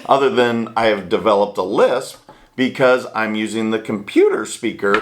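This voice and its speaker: A man's voice: fairly low pitch, normal speed, slight background noise. Guy hosting a chat, upbeat and joking about himself, small home studio. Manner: upbeat, chatty, self-deprecating. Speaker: host. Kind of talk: casual chat.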